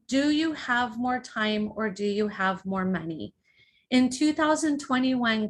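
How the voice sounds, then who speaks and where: A woman hosting a college-planning webinar, giving deliberate, emphatic instructions in a scripted presentation over a video call. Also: fairly high pitch, fairly bright tone. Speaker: webinar host and college consultant.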